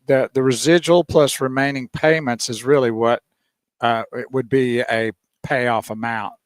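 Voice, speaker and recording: A man's voice: medium pitch, steady tone, unhurried, clean tone, dry recording. A man co-hosting a radio talk show, easygoing and laughing often in casual chat. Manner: easygoing, laughs often, reads names aloud.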